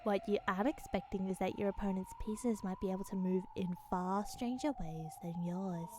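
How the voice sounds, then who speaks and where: A woman voicing an eerie little girl who lectures slowly and ominously during a casual visual novel read-along. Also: mid-range voice, warm tone, a little hiss or hum, pitched below the performer's own voice, close to an everyday voice.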